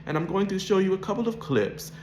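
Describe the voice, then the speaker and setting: A man's voice: sits high, expressive, fast, darkish tone, reverberant, a little hiss or hum. A man coaching an accent, explaining and demonstrating sounds in a lesson.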